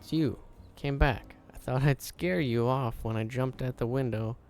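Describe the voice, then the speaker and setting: A man reading game dialogue aloud, voicing an excitable, childlike talking dog in a bubbly, pleading way. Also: medium pitch, moderate pace, a little hiss or hum, lightly acted. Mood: eager.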